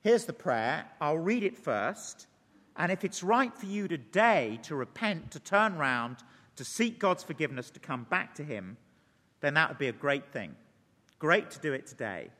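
A male preacher delivers a sermon with earnest, pleading appeals to the congregation. His voice sits fairly high for a man and he slows to a measured, deliberate pace when leading prayer. A long church reverb trails behind every phrase. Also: very animated, bright, forceful tone. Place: church service.

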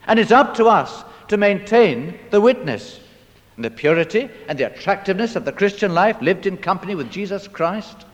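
A preacher delivers his sermon with a lively, swooping voice that sits a touch high for a man. He reads out scripture and fires rhetorical questions at his listeners with dramatic flair. A long church reverb hangs behind every word.

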